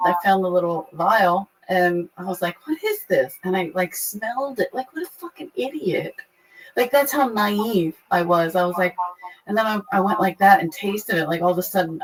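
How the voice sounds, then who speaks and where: A young adult woman frankly retelling a painful personal story, profane and animated. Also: fairly low pitch, low-quality recording. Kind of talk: candid conversational storytelling.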